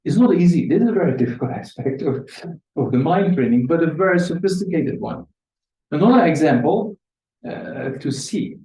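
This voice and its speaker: A man gives a relaxed dharma talk in a roomy hall, his voice mellow and slightly raised in pitch. He speaks conversationally, chuckles often, and jumps higher when he acts out quotes. The mic sits some way off, so the sound is distant and echoey. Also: moderate pace. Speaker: Buddhist teacher. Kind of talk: dharma talk to a live audience. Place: meditation centre hall.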